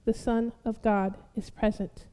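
Woman pastor, high voice, unhurried sermon delivery in a reverberant hall. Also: level tone, clear, resonant tone. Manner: preaching, building to loud fervent exhortation; addresses listeners as beloved.

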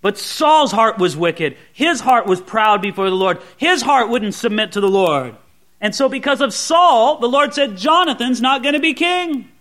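A male pastor delivers an expository sermon in a high, bright voice. His pitch rises and falls with lively swings as he keeps asking his listeners rhetorical questions. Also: normal speed.

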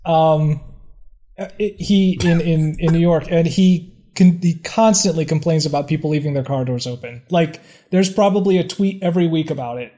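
A man's voice: fairly high pitch, normal speed, dark tone. A man co-hosting a casual comedy podcast, often stammering and restarting his sentences. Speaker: podcast co-host. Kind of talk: casual chat.

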